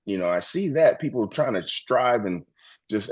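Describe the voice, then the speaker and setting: Male co-host, low voice, earnest rambler, lo-fi dull sound. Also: expressive, normal speed, husky. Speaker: podcast co-host. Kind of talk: casual spiritual chat.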